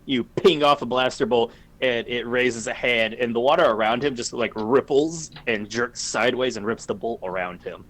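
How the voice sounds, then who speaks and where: A man narrating a tabletop game as game master, calmly describing the action and explaining the rules over voice chat. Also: mid-range voice, moderate pace, few pauses.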